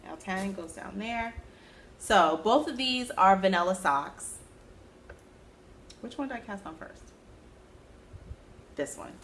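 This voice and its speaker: A woman with a fairly low voice chats casually through her knitting podcast, amused at herself and prone to sudden squeaky exclamations. A faint hiss of background noise sits under the recording. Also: fairly bright tone. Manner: chatty and self-amused, with sudden high-pitched exclamations. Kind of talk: casual chat.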